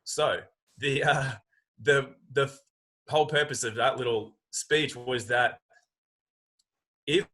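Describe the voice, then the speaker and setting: A man's voice: mid-range voice, takes it slowly, long pauses, low-quality recording. A man guest talking emphatically on a video call, arguing his point at length. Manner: emphatic, animated, acts out quoted voices. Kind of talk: casual conversation.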